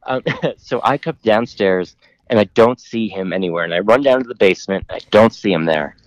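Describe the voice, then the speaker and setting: A man in his thirties, a podcast guest rambling through a long story. He fills it with "like" and "um" and swears casually. His voice sits low and the recording is dry and close. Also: moderate pace, dry recording, lo-fi sound. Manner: rambling, filler-heavy, laughs often, profane.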